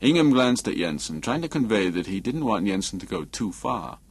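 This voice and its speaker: A man narrating a novel as an audiobook in a measured, expressive reading. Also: lowish voice, slightly rough.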